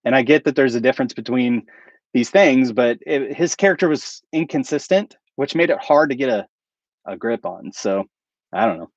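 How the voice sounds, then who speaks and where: A man's voice: mid-range voice, lively intonation, normal speed, no room sound, dull audio. A man hosting a casual livestream and chatting with viewers. He rambles and chuckles at his own jokes. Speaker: channel host.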